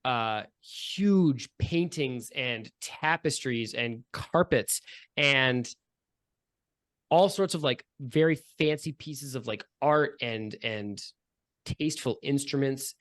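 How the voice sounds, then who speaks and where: A man narrates as game master of a tabletop game, drifting through his descriptions with fillers and jokey asides. His voice sits at an ordinary middle pitch. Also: takes it slowly, fairly bright tone. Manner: loose, rambling descriptions with many fillers.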